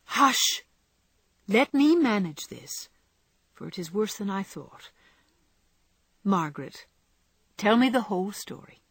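A woman voicing a middle-aged mother who speaks in a calm, commanding way. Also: on the high side, unhurried, no room sound, voice pushed up, full character voice.

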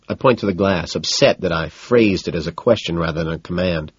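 A man's voice: sits low, fairly quick, hardly any pauses, husky, dry recording, dull audio. A man narrating a novel in the first person, in a dry, sardonic way that sometimes drops to a mutter. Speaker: audiobook narrator.

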